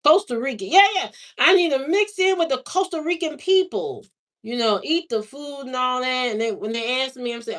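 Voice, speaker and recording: A woman from Indiana, USA, with a high, animated, fairly bright voice speaks at a moderate pace while hosting a livestream. She chats casually with live viewers, answering them in slangy, drawling talk packed with repeats and fillers.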